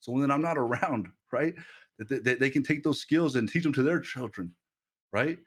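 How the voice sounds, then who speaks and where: A man in his thirties preaching casually on a livestream through a headset mic, animated and quick to repeat himself and laugh. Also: medium pitch, husky. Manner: animated, repeats words and restarts, laughs often. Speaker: streamer preacher.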